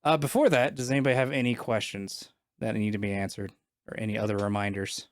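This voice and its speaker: A man's voice: lowish voice, fairly even intonation, fast talker, slight background noise. A man narrating as game master of a tabletop game, casual with many fillers.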